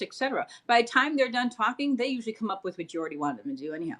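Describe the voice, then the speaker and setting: A woman's voice: racing, hardly any pauses. A middle-aged woman co-hosting a casual panel chat, talking things through and acting out quotes in a raised voice. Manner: animated, acts out quotes in a high voice. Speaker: co-host.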